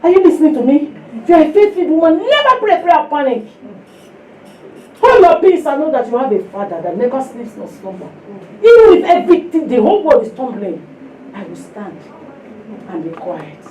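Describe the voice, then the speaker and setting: A woman's voice: high-pitched, big pitch swings, moderate pace, a little mellow. A Nigerian woman preaching a sermon at a women's fellowship. She tells stories with sound effects, drops in Yoruba phrases and exhorts the listeners directly. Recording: echoey room, distant mic, faint noise.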